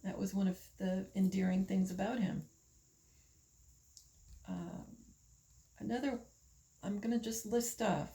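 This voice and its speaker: An older woman from the United States, talking slowly in a casual monologue, musing with pauses and fillers. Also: lowish voice, gravelly, warm tone, poor audio. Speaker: vlogger.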